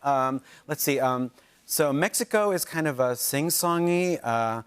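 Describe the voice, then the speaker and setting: A man chatting as a guest on a talk show in a dry, deadpan way. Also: a little high, a little slow, clean tone. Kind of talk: casual chat. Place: TV studio with live audience. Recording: studio audience and room noise.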